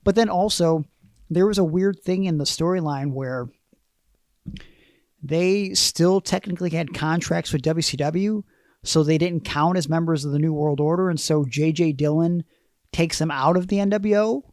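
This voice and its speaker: A man with a slightly high voice tells long stories on a casual podcast. He recounts old events in detail, slipping in dry asides. His voice is close on the mic in a dry, dead room. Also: moderate pace, darkish tone, no room sound. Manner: storytelling, recounts wrestling history with dry asides. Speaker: podcast host. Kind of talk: casual wrestling podcast chat.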